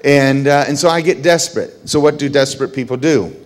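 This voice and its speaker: Speaking fairly quickly, a middle-aged man gives a personal testimony with lots of energy. Excitement sends his voice soaring, while the solemn stretches bring it down low and hushed.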